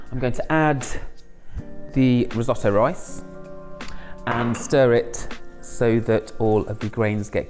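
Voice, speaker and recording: A man's voice: mid-range voice, darkish tone. A man chatting casually through a home cooking video, rambling with self-mocking asides. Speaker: home cook and channel host. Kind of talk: casual cooking vlog chat.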